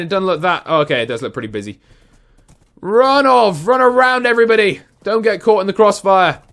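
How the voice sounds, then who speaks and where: Young english guy yelling through his gameplay, high voice, jokey and hyped. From England. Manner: excitable, jokey, often shouting and laughing. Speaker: gaming YouTuber. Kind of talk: live gameplay commentary.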